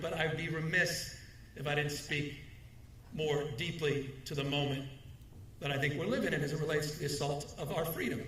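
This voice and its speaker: A middle-aged man delivers a formal speech with a measured, rhetorical rhythm, repeating key phrases for emphasis. His voice sits a little high for a man. The sound is roomy and picked up from some distance, with a faint hum of the hall behind him. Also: a bit bright. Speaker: governor giving an award speech. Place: large hall, speaking at a podium. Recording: echoey hall, mic at a distance.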